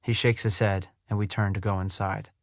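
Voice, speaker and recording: A man narrating an audiobook in the first person, with a soothing, even delivery. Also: fairly low pitch, normal speed, dry recording, studio quality.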